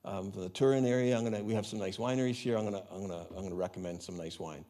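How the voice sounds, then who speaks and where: A man's voice: lowish voice, racing, warm tone, natural voice. A man voicing a cheerful Italian man with a clumsy put-on Italian accent and stammering repeats. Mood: enthusiastic.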